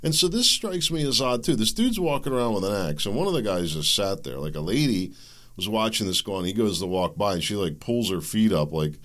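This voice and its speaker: A man with a fairly low voice hosts his own solo commentary show. He rants with heat, repeats words and breaks off his own sentences. Now and then he mocks the other side with sarcasm. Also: big pitch swings, a little fast, fairly bright tone. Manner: heated ranting with repeated words and self-interruptions; sarcastic, mimics opponents. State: coughing. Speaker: show host.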